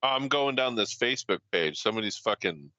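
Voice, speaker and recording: A man ribs his co-host with profane, teasing interjections on a casual podcast. His pitch swings widely, his tone is bright, and the sound is dry and close. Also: lively intonation, a little fast, no echo, highs cut off.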